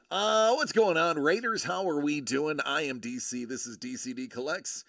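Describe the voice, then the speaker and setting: A man hosting a casual livestream, joking and teasing his viewers with quick asides. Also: on the high side, vocal fry, fairly bright tone, no echo, clean studio sound. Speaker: livestream host, collector.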